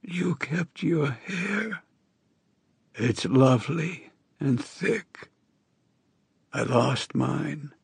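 A man voicing a sick, dying old woman with a hoarse, wheezing voice and halting speech. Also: on the high side, lively intonation, darkish tone, dry recording, voice pushed up, heavily acted. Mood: weary, rueful. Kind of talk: audiobook character voice.

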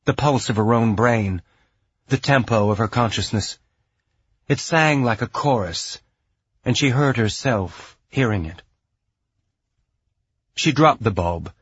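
A man narrating a science fiction audiobook in a measured, even storytelling voice. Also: mid-range voice, breathy edge, highs cut off. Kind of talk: scripted narration.

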